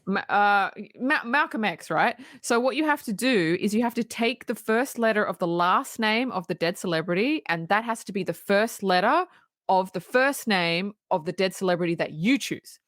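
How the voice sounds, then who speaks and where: A woman's voice: medium pitch, expressive, moderate pace, fairly bright tone, dry recording, clean studio sound. A woman co-hosting a casual film review podcast, blunt and full of fillers and restarts. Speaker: podcast co-host.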